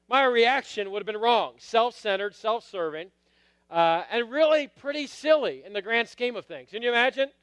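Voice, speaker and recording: Middle-aged guy preaching, lots of acted-out quotes, dry close mic, crisp tone. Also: high voice, measured pace, a bit bright, no echo. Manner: storytelling with acted quotes, calls out to the congregation. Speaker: pastor. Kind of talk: sermon.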